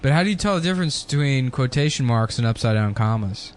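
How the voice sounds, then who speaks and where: A man's voice: mid-range voice, animated, fast talker, slight background noise. A man co-hosting a crude, casual podcast chat, rambling through jokes and swearing freely. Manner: rambling, joking, swears a lot. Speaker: podcast co-host.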